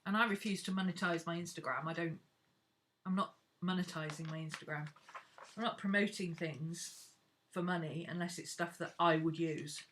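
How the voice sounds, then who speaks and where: A woman's voice: on the low side, steady tone, moderate pace, fairly bright tone, slight background noise. A woman chatting frankly and casually to her viewers while she works on a craft live stream.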